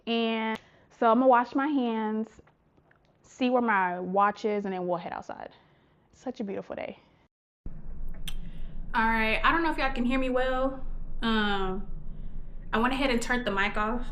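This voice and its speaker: A woman's voice: on the high side, a little slow, long pauses, a bit bright, slight background noise. A young woman vlogging casually to camera, chatty and often addressing viewers as "y'all", sometimes half-whispering to keep her business private. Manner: chatty, talks straight to viewers, often says "y'all" and "child". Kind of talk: casual vlog chat to camera. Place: home, stairs and outdoors. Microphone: phone or camera held by hand.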